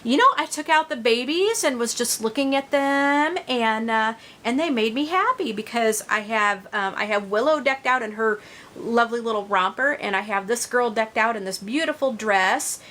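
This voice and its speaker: A woman's voice: fairly high pitch, moderate pace, a bit bright. A middle-aged woman vlogging about her reborn dolls, chatting casually to viewers with many fillers and restarts.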